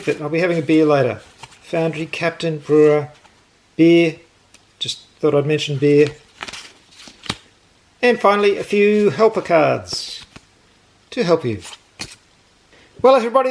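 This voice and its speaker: A man's voice: a little high, creaky. A man hosting a board game channel, talking casually through an unboxing with chatty, jokey, delighted asides.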